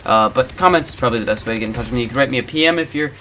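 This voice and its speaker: A man's voice: mid-range voice, very fast, sharp tone, a little hiss or hum. A man hosting a gaming channel, rambling in casual commentary over gameplay with lots of filler words.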